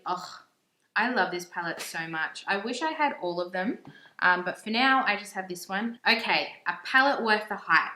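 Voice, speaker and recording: A woman's voice: mid-range voice, sharp tone. A young woman, chatting in a gushing, casual way as she reviews makeup in a vlog. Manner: gushing and chatty, with frequent "like" fillers. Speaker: beauty vlogger. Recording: echoey room.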